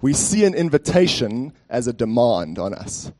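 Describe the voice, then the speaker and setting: A man's voice: medium pitch, sing-song, normal speed, a little mellow. A man preaching a sermon as pastor in a church, conversational and speaking directly to the congregation with frequent fillers.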